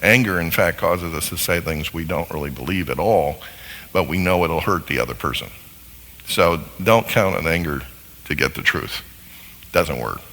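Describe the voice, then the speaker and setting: A man giving a live teaching talk to an audience in a large hall, animated and acting out little dialogues as he explains. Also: sits low, moderate pace. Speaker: seminar speaker on marriage. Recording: long hall reverb.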